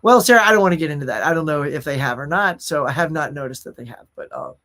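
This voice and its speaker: A man's voice: fairly high pitch, expressive, fast, pushed and bright. A man hosting a casual live stream, chatting about new movie releases and reading out viewer comments, often calling his viewers y'all. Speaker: host.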